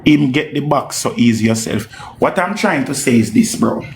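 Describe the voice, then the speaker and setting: Animated Jamaican man reacting to dancehall. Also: mid-range voice, moderate pace, creaky, roomy sound, slight background noise. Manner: animated, repetitive, swears often, slips into patois. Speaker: music commentator. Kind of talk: casual live-stream reaction commentary.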